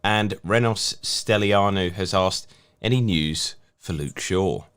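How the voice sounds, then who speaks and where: A man hosting a live stream, reading out viewer questions in a relaxed, chatty way. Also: low-pitched, slow pace, smooth. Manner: relaxed, chatty, laughs easily. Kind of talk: casual live-stream chat. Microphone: video call.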